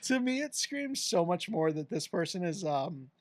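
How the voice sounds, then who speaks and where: A man's voice: sits high, very animated, moderate pace, no room sound, clean studio sound. A man co-hosting a music podcast in casual chat, laughing often and riffing on hypothetical scenes. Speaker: podcast co-host.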